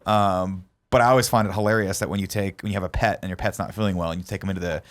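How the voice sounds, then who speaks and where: A man's voice: low voice, steady tone, racing. A man co-hosting a podcast, chatting casually and thinking aloud in rambling sentences with restarts. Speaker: podcast co-host. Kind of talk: casual chat.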